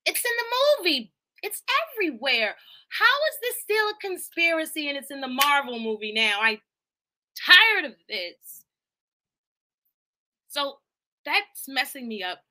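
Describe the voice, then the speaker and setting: Bright-voiced rambling woman streamer. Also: high-pitched, a little slow, long pauses. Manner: rambling, swearing, animated, laughing asides. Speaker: live streamer. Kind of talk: casual movie recap chat.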